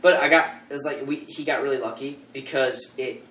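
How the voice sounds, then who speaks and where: A man's voice: mid-range voice, fairly even intonation, brisk, a bit bright, a little hiss or hum. Young man rambling in an echoey room. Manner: rambling with many restarts. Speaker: podcast co-host. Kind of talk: casual chat. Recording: echoey room, mic far off.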